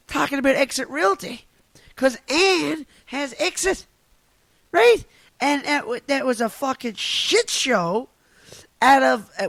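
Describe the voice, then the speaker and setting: A man's voice: very high voice, creaky, pushed and bright, no room sound. A man with a Newfoundland accent, ranting casually and profanely into his phone at home on the couch, laughing at his own jokes. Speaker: podcast host and stand-up comic. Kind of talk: casual solo rant.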